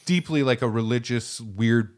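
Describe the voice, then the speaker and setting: A man's voice: medium pitch, normal speed, darkish tone. A man co-hosting a podcast in loose casual chat, rambling with restarts and laughing often. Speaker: podcast co-host.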